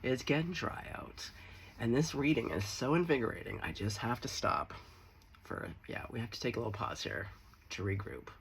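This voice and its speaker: Male tarot reader, casual and playful, expressive pitch, slight fry. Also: normal speed, a little hiss or hum. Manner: chatty, swearing, playful asides. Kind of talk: casual tarot reading to camera.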